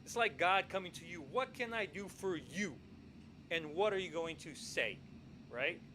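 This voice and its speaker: A man co-hosting a podcast, telling a story in casual, animated style, acting out quoted lines and often adding "right?". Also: sits high, measured pace, slight background noise, low-quality recording. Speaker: podcast co-host.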